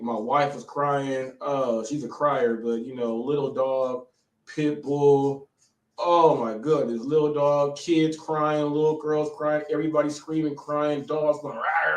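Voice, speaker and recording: A shaken American man talks fast in bursts, stammering and repeating words while he catches his breath. His voice sits a little high and sounds set back from the mic, in an echoey room. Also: distant mic. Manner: breathless, repetitive, stammering restarts. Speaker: live show host. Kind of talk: excited live-stream storytelling.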